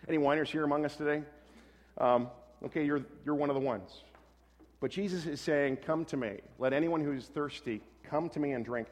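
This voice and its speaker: A man's voice: on the high side, moderate pace, a little mellow. Man preaching in a reverberant hall. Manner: conversational, self-correcting, lightly humorous. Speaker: pastor. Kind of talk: sermon.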